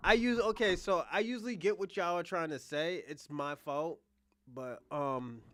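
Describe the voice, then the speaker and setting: A man's voice: on the high side, normal speed, dry recording. Blunt, cursing male livestream host. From United States. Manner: blunt, profane, talks back to chat with loud bursts. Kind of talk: casual livestream commentary answering chat.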